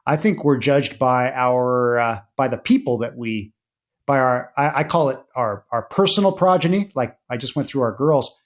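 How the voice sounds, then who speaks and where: A middle-aged man, a podcast guest, telling family anecdotes in a casual interview, animated and full of fillers. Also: normal speed. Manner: animated anecdotes with many fillers, rising pitch when excited.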